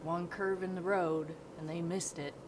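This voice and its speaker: Woman, lowish voice, amused and chatty, loud music bed. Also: fairly even intonation, moderate pace, distant mic, low-quality recording. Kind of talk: interview clip.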